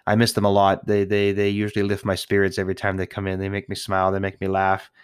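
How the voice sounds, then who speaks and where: A man's voice: low voice, completely flat delivery, quick pace, clear, resonant tone, no room sound, studio quality. A man talking to his listeners in a casual, rambling monologue. He swears a lot, talks nonstop and restarts his sentences often. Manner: profane, chatty, restarts often. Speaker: retail worker talking to listeners.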